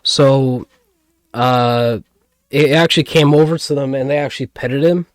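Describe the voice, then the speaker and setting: A man's voice: medium pitch, measured pace, no echo, clean studio sound. A man co-hosting a casual podcast, rambling and hesitant with lots of fillers and restarts. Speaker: podcast co-host.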